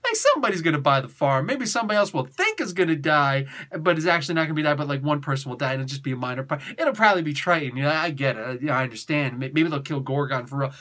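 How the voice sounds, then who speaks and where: A man giving an excitable, slangy comic book review, laughing often and dropping into quick impressions. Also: on the high side. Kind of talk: animated comic review rant.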